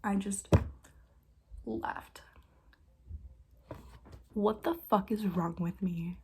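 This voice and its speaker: A young woman vlogger telling stories in a casual, excitable way, with quick bursts and frequent laughs. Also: mid-range voice, slight background noise. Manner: excitable, fast bursts, lots of likes and laughs. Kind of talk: casual storytime chat.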